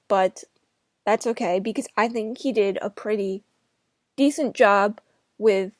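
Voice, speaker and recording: A woman's voice: medium pitch, dry recording, studio quality. A woman in her twenties from New Jersey, giving a casual, rambling film review with chatty asides.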